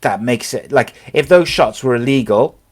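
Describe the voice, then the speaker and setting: A man's voice: medium pitch, moderate pace. A man hosting a casual sports podcast, talking in a rambling way with many fillers and restarts. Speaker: podcast host.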